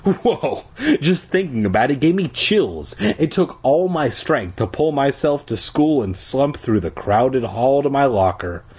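A man's voice: mid-range voice, very animated, measured pace, darkish tone, slightly rough. A man reading a children's horror story aloud in first person, breaking off with crude joking asides. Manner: irreverent, joking. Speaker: reader.

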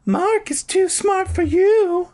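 Man doing a shrill falsetto girl. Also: slow, a little mellow. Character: girl with a high squeaky voice.

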